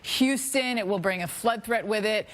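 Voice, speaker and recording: A middle-aged woman presenting a live TV weather forecast, lively and chatty, laughing at her own slips. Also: medium pitch, normal speed.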